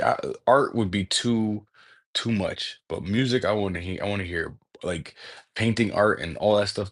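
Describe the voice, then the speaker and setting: A male livestream host with a lower, slightly rough voice talks in a casual, excitable ramble, swearing freely and using plenty of slang. He keeps saying "bro," jumps between thoughts and trails off mid-word.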